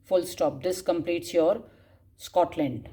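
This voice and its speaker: Slow-dictating woman teacher. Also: fairly low pitch, dark tone. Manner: slow dictation, spelling out words and repeating phrases; frequent coughs and throat clearing. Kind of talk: dictating class notes.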